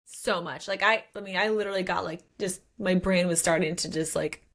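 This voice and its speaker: A woman's voice: lowish voice, fairly even intonation, a little fast, fairly bright tone. A woman co-hosting a casual book podcast, animatedly reading quotes aloud. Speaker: podcast co-host.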